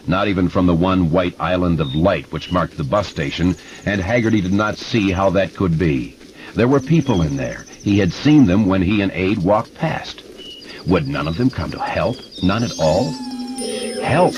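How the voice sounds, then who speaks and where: A man giving expressive, measured narration of a horror audiobook. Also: deep voice. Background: music.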